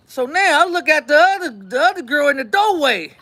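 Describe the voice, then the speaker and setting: High-voiced man telling a wild story. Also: fairly quick, few pauses. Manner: animated, acts out quotes, repeats lines for effect. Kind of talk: casual storytelling.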